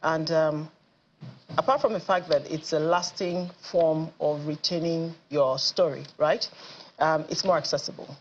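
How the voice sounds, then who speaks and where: A woman speaks in a studio interview with a lowish voice. She is confident, emphatic and passionate. The audio is slightly muffled, with a faint hum behind it. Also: steady tone, a little slow. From Nigeria. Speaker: theatre and film producer, guest.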